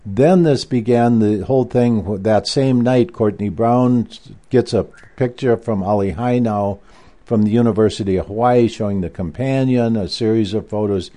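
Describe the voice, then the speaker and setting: Low, mellow man recounting at length. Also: normal speed. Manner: rambling, with frequent restarts and asides. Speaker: guest author. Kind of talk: conversational recounting.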